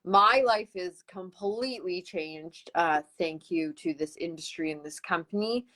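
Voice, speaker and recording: A woman with a West Coast Canadian accent hosting a live-streamed sales pitch, upbeat and enthusiastic, talking into a computer mic on a video call. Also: measured pace, fairly bright tone, poor audio.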